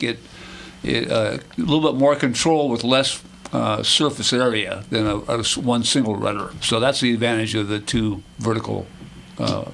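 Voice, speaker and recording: A man who is a regular on a radio show, explaining aviation matters in a measured, patient way. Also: mid-range voice, creaky, fairly bright tone, slight background noise.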